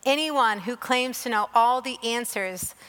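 Bright high-voiced woman preaching in a hall. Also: unhurried. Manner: earnest, emotional, repeats phrases. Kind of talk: sermon with personal storytelling. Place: church or hall with staff present. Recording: long reverb of a large hall.

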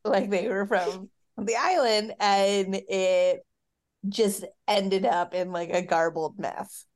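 A woman's voice: medium pitch, fairly even intonation, slow. Chatty woman podcast co-host. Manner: chatty, leans on "like" fillers. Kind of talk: casual chat.

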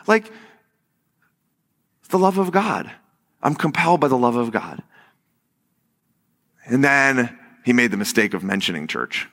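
A man with a medium-pitched voice preaches at a measured pace, leaving long pauses that a long reverb tail fills in the church sanctuary. He's the pastor, animatedly telling stories and dramatizing the quotes.

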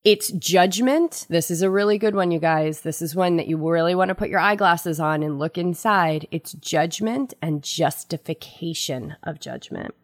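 A woman hosting a spiritual self-help podcast, telling a personal story in an earnest, animated way. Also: lowish voice, normal speed, hardly any pauses, no echo, clean studio sound. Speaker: podcast host.

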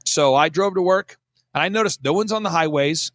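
Emphatic male storyteller, raspy, lively and dry in sound. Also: on the high side, no echo. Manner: emphatic, punchy, quick bursts of mimicry. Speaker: guest speaker. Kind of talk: animated storytelling on a talk show.

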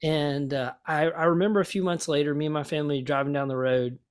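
Man, pastor and author, interview guest, lively storytelling, repeats words as he thinks. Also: fairly high pitch, fast, clean tone. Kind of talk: conversational storytelling.

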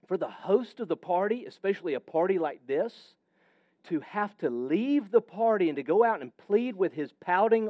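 A man's voice: on the high side, no room sound, narrow, tinny audio. A man preaching a sermon with emphatic, varied delivery that sometimes drops almost to a whisper. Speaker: pastor.

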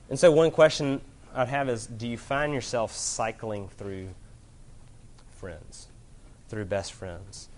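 A man preaching a sermon as pastor, asking the listeners questions, telling stories from home, and slowing down when he quotes scripture. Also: medium pitch. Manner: earnest, asks rhetorical questions, warm family anecdotes; varies pace, slows right down to quote scripture.

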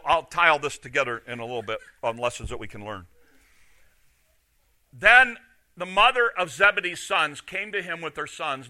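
A middle-aged man preaching a sermon, retelling scripture stories in an animated way and acting out the quotes. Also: medium pitch. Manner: animated, acts out quoted lines. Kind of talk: sermon storytelling.

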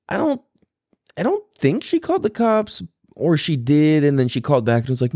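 A man hosting a podcast, telling a personal story in a rambling, profane way and acting out quotes with sudden high pitch jumps. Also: very animated, normal speed, mellow, no echo, studio quality. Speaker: podcast host. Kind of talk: casual storytelling monologue.

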